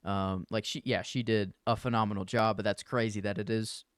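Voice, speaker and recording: A man's voice: lowish voice, fairly even intonation, fairly quick, clear, resonant tone, no echo, studio quality. A man co-hosting a podcast, thinking aloud about films in a rambling way with many fillers. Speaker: podcast co-host. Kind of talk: casual film chat.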